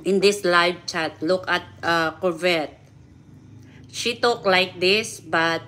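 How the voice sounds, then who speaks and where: A woman's voice: fairly low pitch, fairly bright tone. A woman hosting a casual livestream, chatting and laughing often, speaking as a with simple, repeated phrasing. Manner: chatty, laughs often, repeats words, non-native grammar. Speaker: livestream host.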